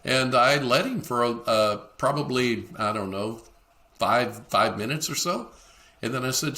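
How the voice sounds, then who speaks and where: A man's voice: medium pitch, a little slow, pushed and bright. A middle-aged man hosting a leadership podcast, talking alone to listeners and acting out the dialogue he quotes. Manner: acts out quoted dialogue in shifting voices. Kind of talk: solo podcast teaching talk.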